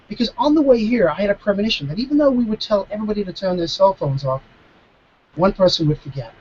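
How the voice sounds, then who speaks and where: A man, a mentalist guest, chatting casually over a video call, animated and stopping to restart his sentences. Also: sits high, quick pace, husky, highs cut off. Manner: animated, acting out dialogue, frequent restarts. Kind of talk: casual storytelling Q&A.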